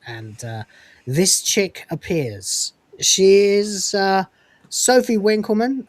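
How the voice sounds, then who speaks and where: A man's voice: fairly high pitch, dry recording. A man hosting a podcast who recaps a TV episode in casual chat, swearing freely and laughing as he retells scenes. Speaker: podcast host reviewing a TV episode.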